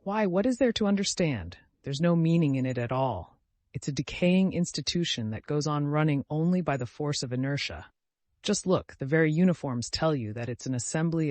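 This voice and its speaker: A man's voice: on the high side, a little mellow, no room sound, close to an everyday voice. A man voicing an older country landowner with grey whiskers, genial and reflective, in a storybook reading.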